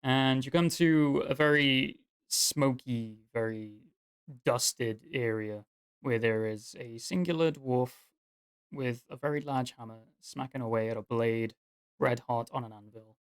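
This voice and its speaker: A man narrating a tabletop game as game master in a relaxed, rambling way, sprinkled with fillers. His voice is smooth and clean, recorded dry and close. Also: mid-range voice, unhurried, dry recording.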